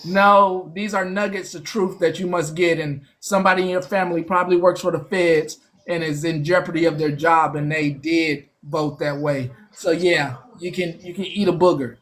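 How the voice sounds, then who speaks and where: A woman's voice: lowish voice, steady tone, normal speed, few pauses. A woman hosting a casual live-stream commentary, mocking and preachy, hammering her points home by repeating phrases. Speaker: host.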